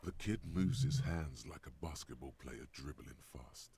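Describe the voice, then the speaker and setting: A man giving scripted, measured narration for a detective game. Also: warm tone, full character voice. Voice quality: gravelly, very deep.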